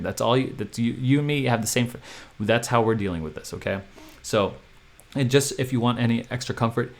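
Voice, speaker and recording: A man hosting a crypto channel talks in a loose, animated way, circling back on his points. His voice sits at an ordinary middle pitch. He keeps checking in with the listener by asking "okay?". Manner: animated, repetitive, chatty with frequent "okay?". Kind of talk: casual advice monologue.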